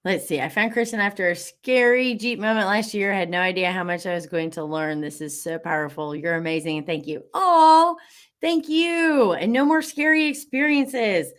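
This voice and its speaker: A woman's voice: medium pitch, animated, moderate pace. A woman hosting a live online class, bubbly and encouraging, reading out viewer comments with lots of fillers.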